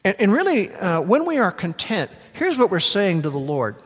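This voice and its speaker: A man preaching a sermon as pastor, emphatic, slowing down to stress key words. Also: sits high, huge pitch swings, breathy edge. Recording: long hall reverb.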